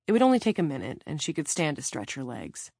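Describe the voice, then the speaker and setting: A woman reads a novel aloud in a steady, measured way. Her voice sits very low, and the recording is dry and close with no room echo. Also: slightly rough. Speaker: audiobook narrator. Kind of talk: scripted narration.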